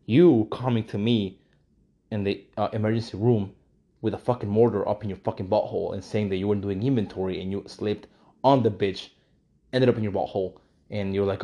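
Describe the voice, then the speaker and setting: A man's voice: fairly low pitch, steady tone, normal speed, dark tone. A man giving ranting commentary while reading from a news article, heated and profane, often repeating himself.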